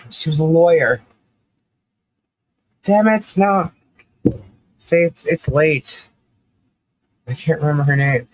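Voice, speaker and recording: A woman's voice: sits low, no room sound. A middle-aged woman hosting a casual live stream, chatting animatedly and laughing often as she reacts to viewer comments. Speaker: livestream commentary host.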